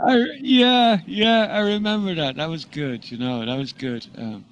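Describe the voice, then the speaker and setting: A man's voice: a little high, fairly even intonation, a little slow, dry recording, lo-fi sound. A man in casual live chat, talking hesitantly with many restarts and hedges about what he thinks.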